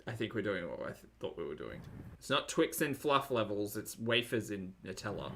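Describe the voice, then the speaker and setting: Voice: deep voice, sing-song, a little fast, gravelly, noisy background. A reaction streamer giving sarcastic livestream commentary, laughing often and thanking viewers by name.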